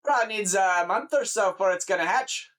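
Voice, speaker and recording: A man voicing a gruff, red-bearded farmer, barking and scolding. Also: high voice, fairly quick, voice pushed up. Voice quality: loud, barking. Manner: scolding, blunt.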